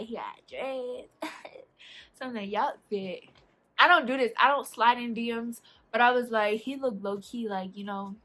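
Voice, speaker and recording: Young woman telling a storytime vlog. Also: fairly high pitch. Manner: animated, laughing, acts out quoted lines. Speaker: vlogger. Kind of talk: casual storytime chat.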